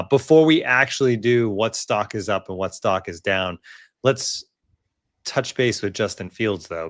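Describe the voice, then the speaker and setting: A man's voice: lowish voice, fairly bright tone, no echo, clean studio sound. A man hosting a sports podcast, easygoing as he moves the talk to the next segment. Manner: steers the talk, easygoing segues. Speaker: podcast host.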